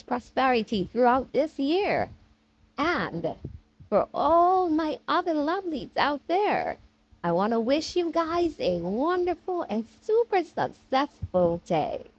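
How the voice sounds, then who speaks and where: Woman, high lively voice, sing-song birthday greetings, dull lo-fi stream audio. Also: takes it slowly. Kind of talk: birthday shout-out.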